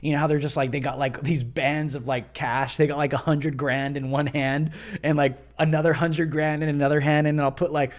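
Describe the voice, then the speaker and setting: A man's voice: little pitch movement, a little fast, few pauses. A young adult man hosting a casual opinion livestream, sarcastic and mocking, who talks loosely with many fillers. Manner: sarcastic, mocking, mimics others in high voices. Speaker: livestream host.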